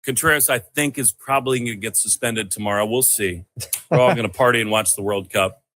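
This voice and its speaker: A man co-hosting a sports podcast, talking excitedly and swearing as he celebrates and leads the chat. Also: lowish voice, brisk. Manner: loud, swearing, hyped celebration. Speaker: podcast co-host.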